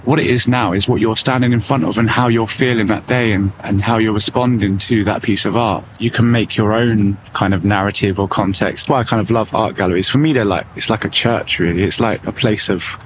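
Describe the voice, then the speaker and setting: A man's voice: fairly low pitch, steady tone, fairly quick, hardly any pauses. A man talking as a vlogger outdoors on a town street, musing in a loose, reflective way. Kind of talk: casual walking vlog. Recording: street traffic noise behind.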